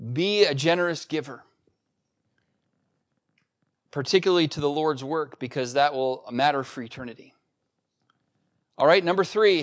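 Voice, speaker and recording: A man's voice: fairly high pitch, a bit bright. A man preaching a sermon as pastor, talking casually to the congregation and growing emphatic when he reads scripture. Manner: conversational preaching, rising to emphatic scripture reading.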